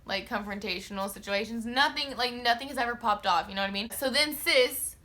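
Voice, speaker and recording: A woman's voice: a little high, a little fast. A young woman vlogger telling a casual storytime, slangy and profane, with lots of filler words and acted-out quotes. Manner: expressive, acts out her own quotes.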